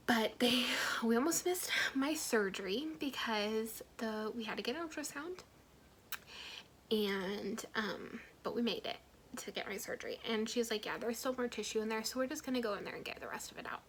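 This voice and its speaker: A young woman, a mom vlogger, telling her own story to camera in a soft, half-whispered, candid way, with many ums and likes. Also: a little high, slight background noise, low-quality recording.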